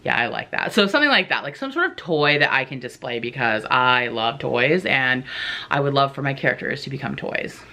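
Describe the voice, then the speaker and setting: Low-voiced chatty woman vlogger. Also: expressive, fairly quick, pushed and bright. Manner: chatty, rambling, many "like" fillers; self-mocking, enthusiastic. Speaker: writer vlogger. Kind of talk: casual chat to camera.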